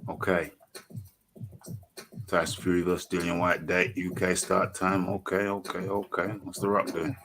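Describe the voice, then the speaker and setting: Low-voiced man hosting boxing talk. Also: moderate pace, creaky, over music. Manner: animated, exclaims, thinks aloud while searching online. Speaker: host. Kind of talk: live online boxing talk show.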